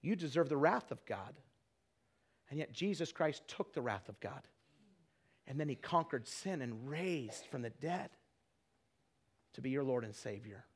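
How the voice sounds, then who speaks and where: A middle-aged man preaching a sermon with an altar call, earnest and repetitive, dropping to hushed tones for prayer. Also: medium pitch, animated, unhurried, long pauses. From Twin Falls area, United States. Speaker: evangelist.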